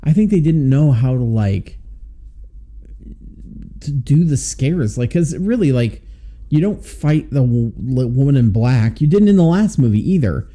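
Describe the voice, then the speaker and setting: Podcast co-host guy, mellow dark voice, easygoing, kinda thinking out loud. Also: mid-range voice, very animated, measured pace. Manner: easygoing, thinking aloud with fillers. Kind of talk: casual movie review chat.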